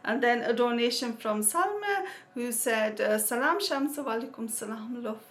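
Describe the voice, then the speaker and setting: A woman with a fairly high voice, chatting casually to her viewers as a vlogger. She reads out names and thanks each donor with Islamic blessings, laughing here and there. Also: animated, normal speed, fairly bright tone. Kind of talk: casual chat.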